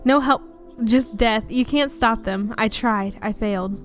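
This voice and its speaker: A woman voicing a panicked, scared male ghost, reading the lines slowly in her own voice. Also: fairly high pitch, soft background music, natural voice. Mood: despairing.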